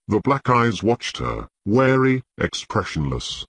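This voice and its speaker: Husky-voiced male audiobook narrator. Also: on the low side, big pitch swings, measured pace, no echo.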